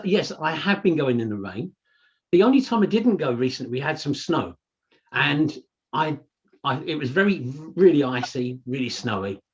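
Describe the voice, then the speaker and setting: A man's voice: mid-range voice, highs cut off. A man co-hosting a podcast, chatting casually and telling stories full of "you know". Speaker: podcast co-host. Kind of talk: casual chat.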